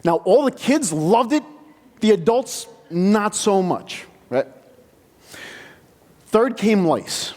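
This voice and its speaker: A man preaching in a church sanctuary, high-pitched and very lively in his rises and falls. He tells the story at an unhurried pace in a conversational manner. A long hall reverb hangs on his voice. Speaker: pastor. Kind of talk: sermon.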